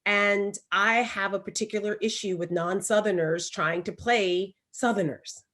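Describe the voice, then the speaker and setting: A Southern woman from Alabama co-hosts a casual podcast chat. She tells stories in an emphatic, animated way, and her voice sits at a middling pitch. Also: a little slow. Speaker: podcast co-host. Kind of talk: casual conversation.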